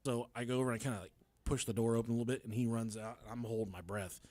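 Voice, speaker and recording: A young man telling a story on a podcast, profane and animated, laughing through it. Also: medium pitch, racing, no room sound. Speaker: podcast co-host.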